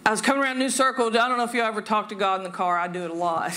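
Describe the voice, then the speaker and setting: A woman's voice: medium pitch, steady tone, rapid-fire, bright, forceful tone, a little hiss or hum. A woman pastor giving a chatty, self-deprecating sermon from the pulpit and laughing often. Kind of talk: informal sermon. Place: church sanctuary.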